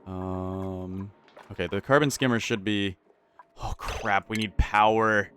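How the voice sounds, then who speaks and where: A man's voice: lowish voice, unhurried, background noise. A man commentating his own video game play, rambling and repeating himself as things go wrong. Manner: frantic, rambling, often repeats himself under pressure. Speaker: gaming channel host.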